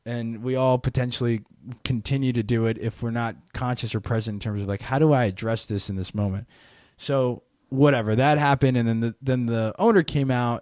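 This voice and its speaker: A man's voice: mid-range voice, a little mellow, no echo, studio quality. A man hosting a podcast alone, telling a story casually, rambling with frequent restarts and little laughs. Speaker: podcast host. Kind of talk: casual solo podcast monologue.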